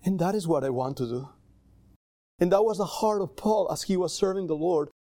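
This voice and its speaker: High-voiced accented preacher, dry sound. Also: male voice, fairly quick, no room sound. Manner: speaks English with a foreign accent, small grammar slips; conversational, animated preaching with laughs. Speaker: pastor. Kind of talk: sermon. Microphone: livestream camera mic.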